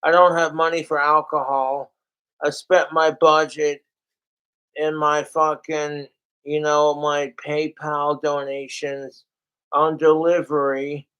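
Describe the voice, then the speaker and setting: A man's voice: a little high, little pitch movement, slow, a bit bright, clean tone, poor audio. A middle-aged man ranting in a rambling, profane casual vlog, venting to his viewers. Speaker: vlogger. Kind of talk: rambling casual rant to camera.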